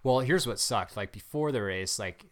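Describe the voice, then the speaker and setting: A man, a guest runner, telling his story in casual interview chat, rambling with many fillers and animated. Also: mid-range voice, moderate pace.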